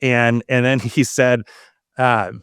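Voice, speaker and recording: A man from Southern California hosts a podcast and tells a family story in a loose, animated way. His voice sits at a middle pitch and slips into quoted lines as he goes. The sound is dry, with no room echo. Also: slow pace, clear, resonant tone. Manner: animated, acts out quoted dialogue. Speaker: podcast host. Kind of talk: casual storytelling.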